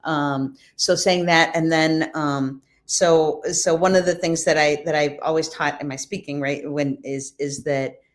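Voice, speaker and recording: A woman guest on a podcast, telling a story with lively, acted-out dialogue. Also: low-pitched, measured pace, hardly any pauses. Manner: animated, acts out quoted dialogue. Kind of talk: casual storytelling.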